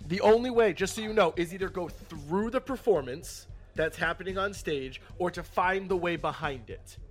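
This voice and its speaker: A man runs a tabletop game as game master, his voice sitting a little high. He narrates with lively energy and breaks into sudden shouted bits for characters. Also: normal speed, soft background music.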